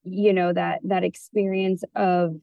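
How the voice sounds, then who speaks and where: A woman's voice: lowish voice, flat delivery, a little slow, creaky, no room sound, narrow, tinny audio. A woman therapist talking as a podcast guest in an earnest, rambling way, with many fillers, and sounding teary. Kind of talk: casual conversation.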